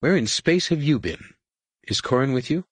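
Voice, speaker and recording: A man voicing a brisk, motherly woman. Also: mid-range voice, big pitch swings, no echo, voice pushed up. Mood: reassuring.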